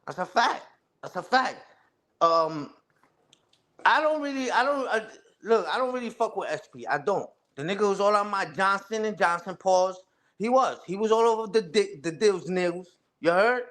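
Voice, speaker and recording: A young man whose high voice is animated and slightly bright talks at normal speed during a casual livestream rant. He trash-talks fellow streamers profanely and repetitively, often adding "you heard?" and "respectfully." His maternal family is Puerto Rican.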